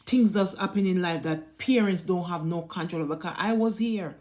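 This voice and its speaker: A woman's voice: on the low side, brisk, darkish tone. A woman with a Jamaican accent telling a family story to her viewers in a casual vlog, emphatic and repetitive, often turning to address them directly. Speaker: vlogger.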